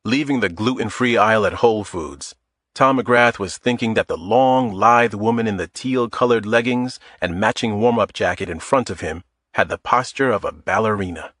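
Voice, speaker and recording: A man narrating a thriller audiobook in a measured, steady way. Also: on the low side, no echo, studio quality.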